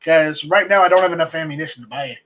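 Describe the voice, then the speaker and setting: Off camera, a man hosts a casual live stream on a home streaming mic, his voice only, reading viewer chat aloud. His voice is a little high and fairly bright, and his talk is halting and rambling, full of restarts.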